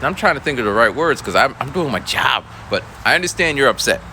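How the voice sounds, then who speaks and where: Laid-back man with a lively voice. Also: medium pitch, fast talker, slight background noise, rough recording. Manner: laid-back, rambling, with many fillers. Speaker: schoolteacher. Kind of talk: casual storytelling vlog.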